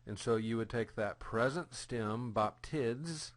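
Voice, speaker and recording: A man teaching a recorded grammar lesson, patient and deliberate, repeating each example phrase. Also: mid-range voice. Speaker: Greek teacher.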